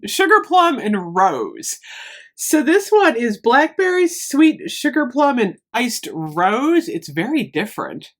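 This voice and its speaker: Woman host of a casual haul vlog; chatty, rambling, quick to gush, pitch jumping all over. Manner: gushing, rambling, easily excited. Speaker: beauty and lifestyle vlogger.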